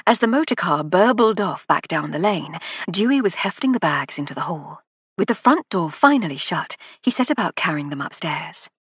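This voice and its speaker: A woman reading a first-person novel aloud with a wry, measured delivery. Her voice sits low and carries a husky, breathy grain. The sound is dry and close, with no room around it. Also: lively intonation, dry recording, lo-fi sound. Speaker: audiobook narrator.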